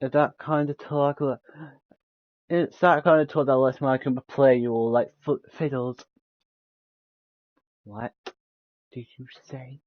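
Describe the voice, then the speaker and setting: A man's voice: mid-range voice, steady tone, normal speed, dry recording, narrow, tinny audio. A man streaming a game, reading its dialogue aloud, stumbling over words, restarting lines and laughing between them.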